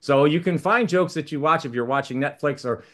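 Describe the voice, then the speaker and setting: Casting: male panelist, storyteller, slightly high voice, easygoing. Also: fairly quick, a bit bright. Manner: anecdotal, acts out quoted exchanges. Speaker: mediator, panelist. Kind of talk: casual discussion, telling a joke.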